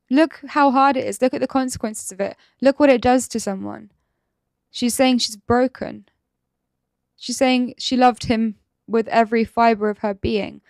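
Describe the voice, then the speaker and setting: A woman host comments on a clip, firing one critical rhetorical question after another. Her voice sits a little high. The recording is dry and close, with no room sound. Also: dry recording. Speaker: host reacting to clips. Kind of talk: reaction commentary.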